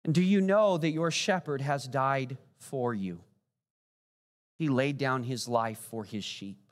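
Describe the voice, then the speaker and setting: A man preaching a communion sermon as pastor, earnest, swinging from raised declarations to hushed pleading questions. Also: medium pitch, takes it slowly. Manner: earnest preaching, rising then dropping to hushed pleas. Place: church sanctuary. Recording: long hall reverb.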